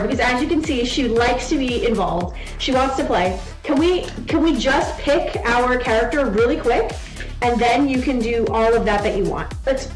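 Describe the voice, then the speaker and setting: A young adult woman streaming a game from home, chatting casually and cooing baby talk to her daughter on her lap. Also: a little high. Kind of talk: casual live-stream chat. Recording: echoey room with background music.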